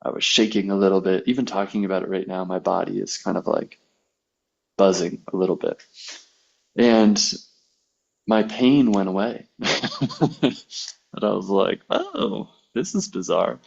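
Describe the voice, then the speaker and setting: Low-voiced man telling a story. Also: vocal fry, darkish tone, dull audio. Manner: conversational storyteller, acts out quoted dialogue. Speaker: podcast guest, massage therapist. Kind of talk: casual conversation, personal storytelling.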